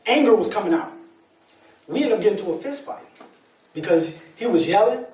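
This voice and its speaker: A man speaking as a motivational speaker, telling a personal story to an audience in an animated, colloquial way with laughter. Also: sits high, fairly quick. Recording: echoey room, distant mic, faint ambience.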